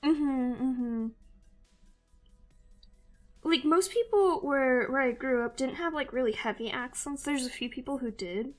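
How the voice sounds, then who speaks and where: A woman's voice: sits high, a little slow, long pauses, soft background music. A young woman from Missouri with a mild Southern-Midwestern accent, chatting casually and giggling with her viewers while she draws on a live stream. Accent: mild Southern-Midwestern American mix. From Missouri, USA.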